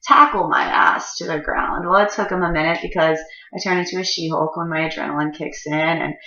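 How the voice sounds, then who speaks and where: Low, sharp-voiced woman telling a rambling story. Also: lively intonation, fairly quick. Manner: profane, rambling, frequent fillers. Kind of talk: casual personal storytelling. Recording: roomy, slightly dull recording.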